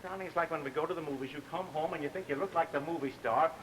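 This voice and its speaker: A man's voice: on the high side, racing, a bit bright, a little hiss or hum, lightly acted, rough recording. An actor playing an eager, bossy husband filming his family in a 1950s sitcom, coaxing and directing everyone.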